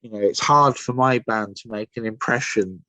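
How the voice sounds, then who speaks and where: A man's voice: lowish voice, moderate pace, bright, forceful tone, dry recording. An English man from Somerset, a musician guest telling rambling, enthusiastic stories in a casual podcast chat. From Somerset, England. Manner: rambling, enthusiastic storytelling with many fillers.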